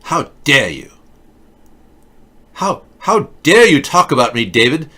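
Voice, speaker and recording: A man putting on the voice of a shrill, angry young girl who scolds indignantly. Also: huge pitch swings, takes it slowly, sharp tone, heavily acted. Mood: scolding.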